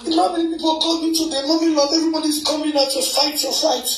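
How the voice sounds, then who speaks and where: Woman crying, high voice, emotional, echoey room, far from mic. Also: flat delivery, soft background music. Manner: emotional, rushed, repeating herself. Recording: echoey clip from a distance.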